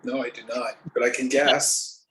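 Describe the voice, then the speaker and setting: A man's voice: medium pitch, little pitch movement, moderate pace, fairly bright tone, slight background noise. A man co-hosting a podcast, chatting casually with joking asides. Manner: laid-back, joking asides. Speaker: podcast co-host. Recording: roomy echo.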